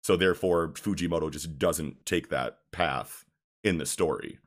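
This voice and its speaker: A man in casual group chat, laid-back, trailing off quietly and often checking that others follow. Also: a bass voice, moderate pace. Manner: laid-back, trails off quietly, many "you know what I mean".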